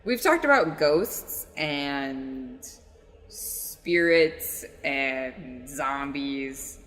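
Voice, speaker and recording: A woman's voice: a bass voice, expressive, very slow, fairly bright tone, in a large hall. A woman co-hosting a podcast in casual chat, blunt and teasing, swearing freely. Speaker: podcast co-host.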